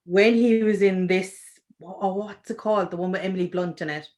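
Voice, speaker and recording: A woman with an Irish accent, an author chatting as a guest on a video-call interview, animated and full of restarts. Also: medium pitch, a little fast. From Ireland.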